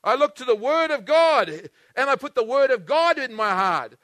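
A man preaching a sermon, earnestly and repetitively, swinging between loud emphatic bursts and hushed, intimate passages. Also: very high voice, big pitch swings, moderate pace, no echo, clean studio sound. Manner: repetitive, earnest, with frequent restarts.

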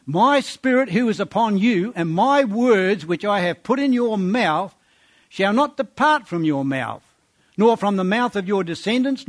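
A man preaching a sermon, reading scripture aloud and exhorting his congregation with rhetorical questions, dropping low and quiet on his words of praise.

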